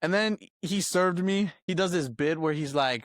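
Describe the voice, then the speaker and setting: High-voiced young man telling a funny story. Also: moderate pace, no room sound, clean studio sound. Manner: animated, laughs often, acts out quotes. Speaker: podcast host. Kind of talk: casual storytelling chat.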